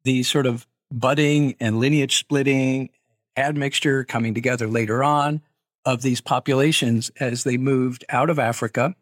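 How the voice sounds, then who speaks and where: A middle-aged man, an archaeologist, answering interview questions in a measured, explanatory way with hedging asides. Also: medium pitch, fairly even intonation, dry recording, clean studio sound. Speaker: archaeologist guest.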